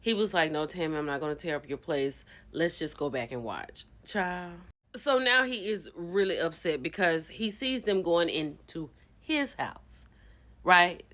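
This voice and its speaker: A woman recapping a reality show in a gossipy, expressive way, acting out the people she quotes. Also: lowish voice, a little slow. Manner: gossipy and expressive, acts out quotes, bursts into laughter. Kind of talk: animated casual recap.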